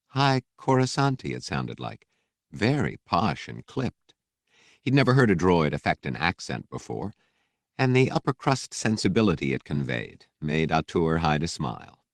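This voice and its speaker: A man with a very deep voice reads an audiobook in a steady, measured way. The sound is dry and close, with little room around it. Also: no room sound. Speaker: audiobook narrator. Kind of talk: scripted narration.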